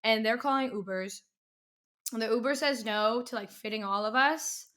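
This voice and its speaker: A young woman co-hosting a podcast, telling a story in a lively casual chat, laughing and swearing as she goes. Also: on the high side, normal speed. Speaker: podcast co-host.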